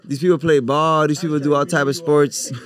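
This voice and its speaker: A man's voice: on the high side, steady tone, fairly quick. A man from Cuba, a podcast guest in casual chat, loose and slangy with plenty of swearing.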